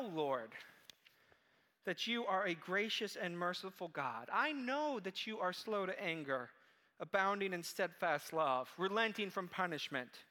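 Casting: male pastor, bright forceful tone, animated storyteller. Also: high voice, a little slow, big-room sound. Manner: animated storytelling, acting out quoted voices. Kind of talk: sermon.

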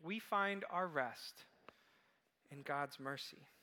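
Casting: male pastor, bright forceful tone, animated storyteller. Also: a little high, takes it slowly, big-room sound. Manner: animated storytelling, acting out quoted voices. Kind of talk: sermon.

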